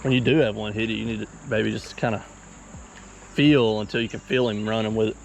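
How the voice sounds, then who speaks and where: A man's voice: fairly low pitch, fairly even intonation, fairly quick, vocal fry. A man hosting a fishing vlog, chatting easygoing as he wades and casts in a mountain creek. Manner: easygoing, chatty, talks while casting. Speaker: fishing channel host. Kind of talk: casual outdoor vlog commentary. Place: outdoors wading in a mountain creek. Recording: outdoor field recording with insect noise.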